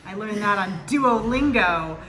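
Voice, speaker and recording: A woman's voice: mid-range voice, lively intonation, a little slow, sharp tone, echoey room, a little hiss or hum, poor audio. A young woman vlogging casually at a winery tasting, chatty and gushing with lots of "like"s. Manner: bubbly, gushing, chatty with many "like"s. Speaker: travel vlogger. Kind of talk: casual vlog chat.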